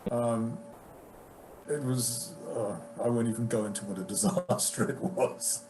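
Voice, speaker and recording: A British man, an actor, telling casual anecdotes about his career with animated delivery, acting out the lines of people he quotes. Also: mid-range voice, a little slow, poor audio. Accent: British English. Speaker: guest actor. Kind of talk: casual storytelling.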